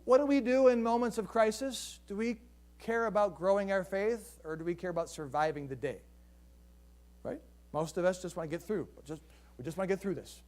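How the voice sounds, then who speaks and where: High-voiced man preaching a sermon. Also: brisk, a little mellow. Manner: conversational, asks the congregation rhetorical questions. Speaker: pastor.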